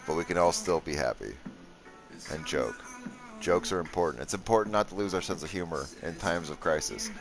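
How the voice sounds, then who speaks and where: A man with a deep, gravelly voice runs live gameplay commentary. He jokes sarcastically and talks straight to his chat as he plays, with soft music underneath. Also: brisk. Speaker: streamer.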